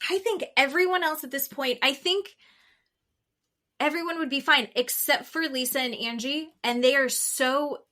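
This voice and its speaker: Bright animated woman co-host. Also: high-pitched, moderate pace. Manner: animated, swears freely, acts out quotes. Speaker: podcast co-host. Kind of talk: casual recap chat.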